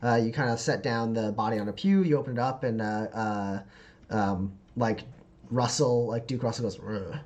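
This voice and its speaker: A man narrating as game master of a tabletop game, halting with many fillers. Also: medium pitch, darkish tone. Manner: halting, lots of fillers and laughs.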